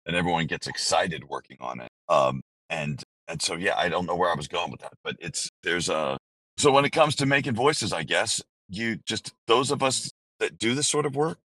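A man's voice: sits low, expressive, moderate pace, a bit bright, no room sound, poor audio. A man who works as a voice actor, being interviewed in a candid, rambling way, often breaking off and restarting his sentences. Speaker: voice actor guest. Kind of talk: casual interview conversation.

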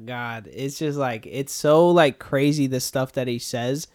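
Animated young man in loose chat. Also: medium pitch, takes it slowly. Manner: animated, swearing, loose and jokey. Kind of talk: casual chat.

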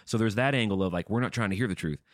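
A man's voice: lowish voice, racing, no room sound, clean studio sound. A man co-hosting a podcast in casual chat, rambling through stories and swearing freely. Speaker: podcast co-host.

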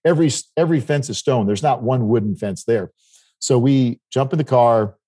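A dark-toned, medium-pitched male voice at a moderate pace belongs to a middle-aged man from South Dakota in the United States. He rambles through a travel anecdote in casual conversation, frequently starting over.

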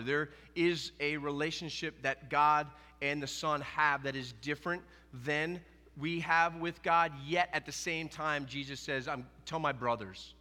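A man preaching a sermon as pastor, in an animated, conversational way, often acting out quoted dialogue. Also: on the high side, measured pace, big-room sound.

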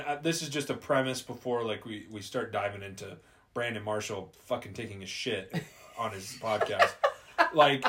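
A man's voice: mid-range voice, a bit bright. A man hosting a casual sports podcast, ranting bluntly with plenty of swearing and loose, rambling sentences. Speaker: podcast host. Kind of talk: casual chat.

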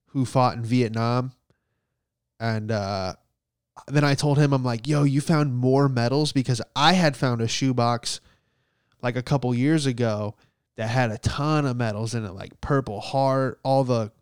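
A man's voice: mid-range voice, clear, resonant tone, no room sound, studio quality. Profane man doing stand-up. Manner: profane, animated storytelling with acted quotes. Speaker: stand-up comedian. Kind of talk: stand-up comedy bit.

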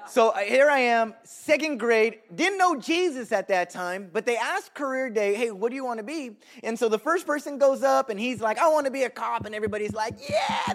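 A man preaching a sermon full of storytelling, swinging between shouts and hushed asides. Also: high voice. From Southern California.

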